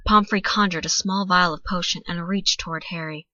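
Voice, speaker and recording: A young woman reads a story aloud with a bright, forceful edge and a slightly low pitch. Her reading turns dramatic as the tension rises. The recording is dry and a little dull, like a close home mic. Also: fairly even intonation, moderate pace, dry recording. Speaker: fanfiction reader.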